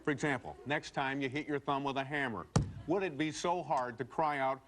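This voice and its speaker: A man's voice: mid-range voice, a little fast. Mock-earnest man delivering comic commentary. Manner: mock-earnest, building to exaggerated outbursts. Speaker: commentator on a comedy news segment. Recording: noisy TV broadcast.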